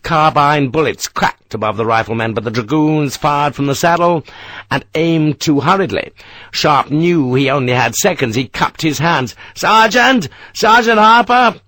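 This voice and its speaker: A man's voice: mid-range voice, normal speed, fairly bright tone, no echo. A man narrating a war novel as an audiobook, telling the battle with tense, vivid delivery.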